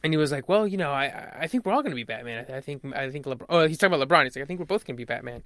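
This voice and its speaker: Casting: man, podcast co-host, casual profane sports banter, bright and crisp tone in a dry close space. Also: fairly high pitch, lively intonation, very fast, no echo. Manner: rambling, profane, acts out quotes loudly.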